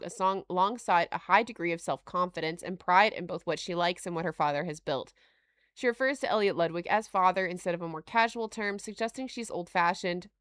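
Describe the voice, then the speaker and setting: A woman hosting a live stream, reading notes aloud and reacting to chat with frequent laughter and animated asides. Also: mid-range voice, clear, resonant tone, no echo, clean studio sound. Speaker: livestream host.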